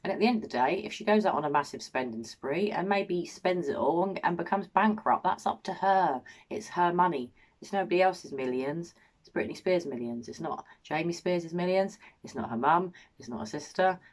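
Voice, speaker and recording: A woman's voice: on the low side, expressive, moderate pace, few pauses. A woman hosting a commentary channel, reading a statement aloud and reacting with emotional indignation. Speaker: commentary host.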